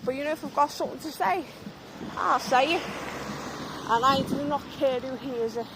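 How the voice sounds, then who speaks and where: A woman's voice: high voice, moderate pace, background noise. A young woman tour guide vlogging, agitated and swearing as she retells an argument. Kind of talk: ranting vlog monologue.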